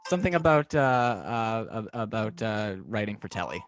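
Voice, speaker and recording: A man's voice: lowish voice, lively intonation, soft background music. A young man hosting a podcast, eager and fanlike, chatting with a guest over a video call. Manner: eager, fanlike, quick to laugh. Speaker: podcast host. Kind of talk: casual interview chat.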